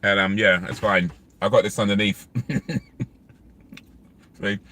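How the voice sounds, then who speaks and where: A man's voice: lowish voice, flat delivery, measured pace, bright, forceful tone. A man, vlogging in casual, rambling chat while eating in his car. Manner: rambling, chatty, many fillers. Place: inside a parked car.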